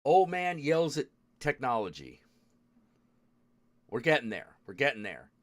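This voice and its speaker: A man's voice: medium pitch, sing-song, measured pace. Muttering man fighting with his tech. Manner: frustrated muttering, swearing at tech. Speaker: streamer host. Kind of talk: casual live-stream chat.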